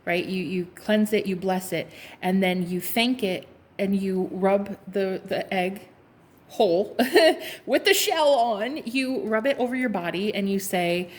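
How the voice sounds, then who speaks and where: A woman's voice: mid-range voice, measured pace. A woman giving a casual tarot reading to her viewers, sassy and playful, laughing often, swearing and calling them honey. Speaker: tarot card reader.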